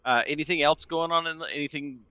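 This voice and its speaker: A man's voice: on the high side, steady tone, fast talker, sharp tone, smooth, no room sound. A man playing in a tabletop game, casual and rambling, often cutting himself off. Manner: rambling, self-interrupting. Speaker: player.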